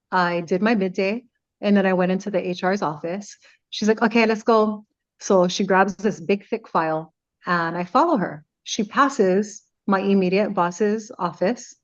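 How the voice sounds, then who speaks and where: Radio personality, woman, middle-aged; lively storyteller who acts out the dialogue, medium pitch, slightly dull lo-fi sound. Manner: animated retelling, acting out quoted dialogue. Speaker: radio personality, podcast guest. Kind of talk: casual storytelling in conversation.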